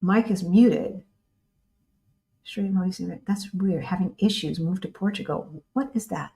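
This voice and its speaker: A woman's voice: fairly low pitch, unhurried, dark tone. An American woman hosting a casual livestream with her partner, chatting and answering viewer questions. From United States. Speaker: co-host of a livestream.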